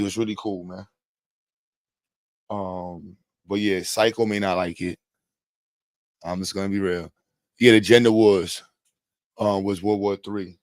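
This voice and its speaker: A middle-aged man hosts a casual livestream. He jokes and rambles, breaking into loud bursts and laughs. The sound is dry and close to the mic. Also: low voice, steady tone, measured pace, pauses often, no room sound. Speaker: livestream host.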